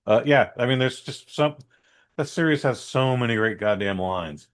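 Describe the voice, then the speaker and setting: A man's voice: animated, moderate pace. A man co-hosting a podcast in casual chat, rambling through stories and correcting himself as he goes. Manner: rambling storyteller, self-correcting, does squeaky voices for quotes. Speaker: podcast co-host.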